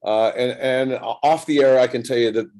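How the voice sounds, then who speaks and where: A man's voice: medium pitch, fairly even intonation, fairly quick, a little mellow. A man in his sixties telling a long anecdote in a casual interview, acting out both sides of the conversations as he goes. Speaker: guest entertainer.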